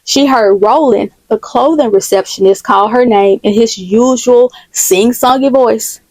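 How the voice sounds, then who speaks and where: A woman's voice: on the high side, measured pace, a little mellow, dry recording, poor audio. A woman storyteller narrating a dramatic story recap in a plain, conversational way.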